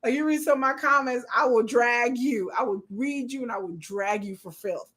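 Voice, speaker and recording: A woman who sounds to be in her thirties hosts a laid-back live stream, spinning sassy, lively stories punctuated by laughter. Her voice runs somewhat high and her pace is ordinary.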